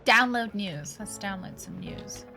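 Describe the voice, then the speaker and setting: A woman's voice: medium pitch, animated, unhurried, pushed and bright, soft background music. A woman streamer chatting casually and jokingly while playing a game, laughing often. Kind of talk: casual gaming stream chat.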